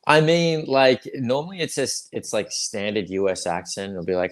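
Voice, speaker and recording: A man's voice: low-pitched, measured pace, few pauses. A young adult man, a guest actor chatting casually on a livestream, rambling with lots of fillers and restarts.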